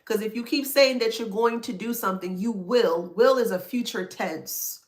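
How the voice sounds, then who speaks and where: A woman's voice: fairly high pitch, moderate pace, hardly any pauses. A woman talks straight to her viewers in a motivational self-help style. Her delivery is emphatic and preachy. She drives points home by repeating them and often checks that they follow. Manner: emphatic, preachy, repeats herself, asks "that makes sense?". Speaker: spiritual self-help vlogger. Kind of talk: motivational talk to camera.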